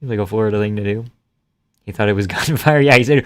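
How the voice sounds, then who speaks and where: A man's voice: mid-range voice, a little fast, no echo, studio quality. A man hosting a live stream from a home setup, chatting casually and reading out viewer comments with jokes and casual swearing.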